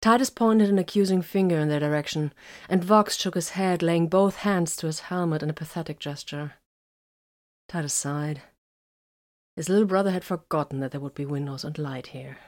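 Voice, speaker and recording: A woman with a notably low, deep voice reads a science fiction story aloud. Her narration is even and measured, told at a steady storytelling pace. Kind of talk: scripted narration of sci-fi fiction.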